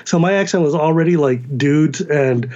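An animated American man with a Californian accent, talking in a slightly raised voice. He chats with quick asides and frequent laughs, and the recording sounds dull and lo-fi. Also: a little high. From United States. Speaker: podcast guest. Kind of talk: casual chat.

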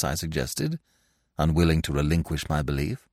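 Deep-voiced male audiobook narrator. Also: very animated, no echo, clean studio sound. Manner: measured first-person storytelling. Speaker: podcast narrator.

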